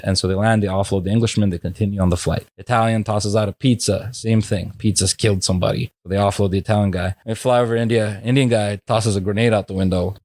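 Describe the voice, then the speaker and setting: A man's voice: fairly low pitch, darkish tone, no echo, studio quality. A man from New Jersey, a stand-up comedian chatting as a podcast guest, loose and rambling with frequent restarts. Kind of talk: casual podcast chat.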